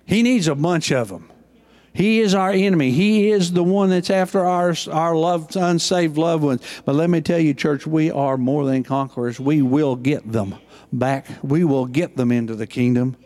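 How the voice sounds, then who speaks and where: An older man, preaching a sermon as pastor with passion and swings between loud and hushed delivery. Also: on the high side, normal speed.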